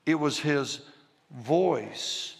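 A man preaching his testimony as an animated story to a live audience, swinging from shouting to hushed tones. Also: a little high, extremely slow, gravelly. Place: large church hall with audience. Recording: reverberant hall sound.

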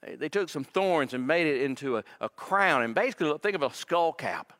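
A man's voice: fairly high pitch, expressive, fairly quick, a bit bright. A male pastor preaching a sermon in a church, dramatic and emphatic, repeating words as his intensity builds. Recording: long reverb of a large hall.

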